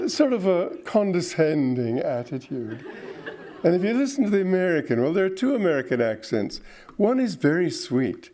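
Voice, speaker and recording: A man's voice: fairly high pitch, warm tone. An older man giving an informal spiritual talk, reflective, with chuckling asides and playful mimicry. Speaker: spiritual teacher.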